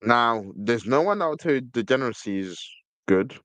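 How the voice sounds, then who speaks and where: Guy hosting a podcast, emphatic, keeps repeating himself, mid pitch, dry close sound. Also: animated, moderate pace, a bit bright, dry recording. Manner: emphatic, repeats words when stressing a point. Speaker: podcast host. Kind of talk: casual commentary reading from a screen.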